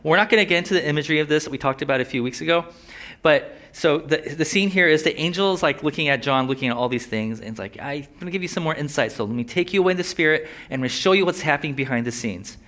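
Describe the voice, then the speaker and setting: Brief: young male preacher, slight lisp, chatty sermon with jokey asides, bright forceful tone, pitched a bit high. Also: expressive, fast talker. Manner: conversational, joking asides, voices inner thoughts. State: slight lisp from a sore tongue.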